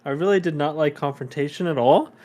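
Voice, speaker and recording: A man's voice: on the high side, a little fast, darkish tone. A young man chatting with friends, laughing a lot and asking follow-up questions. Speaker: friend and interviewer. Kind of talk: casual chat among friends.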